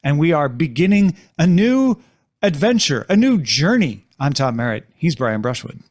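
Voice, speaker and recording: A man's voice: on the high side, big pitch swings, normal speed, darkish tone. A man hosting a casual TV discussion podcast, talking animatedly with playful jumps in his voice. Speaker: podcast host. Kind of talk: casual chat.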